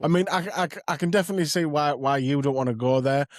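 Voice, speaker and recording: A man's voice: on the high side, racing, no echo, clean studio sound. A man hosting a podcast, chatting casually and reacting with brief, agreeing replies. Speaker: podcast host. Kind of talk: casual chat.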